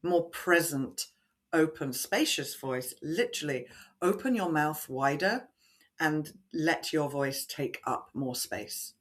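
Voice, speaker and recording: Speaking low but with lively intonation, a female voice coach walks listeners through breathing exercises during a podcast interview. She explains her techniques in a purposely resonant, measured way.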